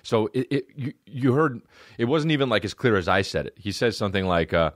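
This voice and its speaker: A man's voice: lowish voice, expressive, fairly quick, no room sound, studio quality. Profane, exasperated male comedian ranting. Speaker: comedian podcast host. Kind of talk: casual comedic rant.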